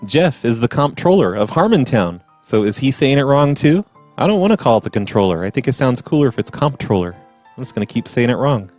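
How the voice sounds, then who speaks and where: A man's voice: medium pitch, big pitch swings, a little fast, a little mellow, faint music behind. A man hosting a casual podcast, blunt and profane as he reacts to caller voicemails. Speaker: podcast host. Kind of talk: casual chat.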